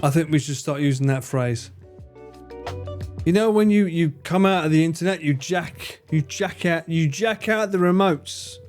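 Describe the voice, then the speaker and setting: A man's voice: fairly high pitch, normal speed, darkish tone, soft background music. A young man livestreaming, casually bantering with his chat in a playful, sweary, teasing way. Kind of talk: casual chat with live stream viewers.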